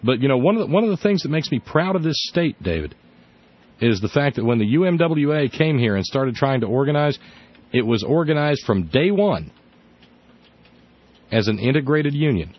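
A man's voice: medium pitch, very animated, normal speed. A man hosting a radio talk show, speaking in an earnest, conversational way with frequent restarts. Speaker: radio host. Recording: dull lo-fi radio audio.

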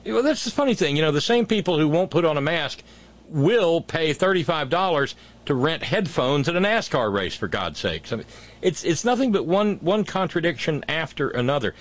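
A man hosting a call-in radio show, relaxed and wry as he reads notes and thanks listeners. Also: fairly high pitch, normal speed. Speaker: radio talk show host.

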